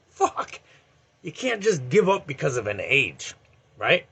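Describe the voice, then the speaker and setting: A husky, medium-pitched voice at a measured pace belongs to an eBay reseller in his forties. In his vlog he gives a motivational talk that is blunt and animated, with heavy swearing throughout.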